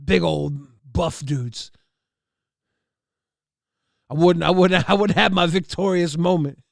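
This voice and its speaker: A man's voice: a little high, slow, vocal fry, dry recording, studio quality. A man hosting a livestream, telling a boisterous, profane, exaggerated comic story to his chat. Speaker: livestream host.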